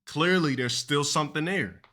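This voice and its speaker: A man's voice: fairly high pitch, moderate pace, bright, forceful tone. A man chatting casually on a live stream, profane and boastful, laughing between remarks.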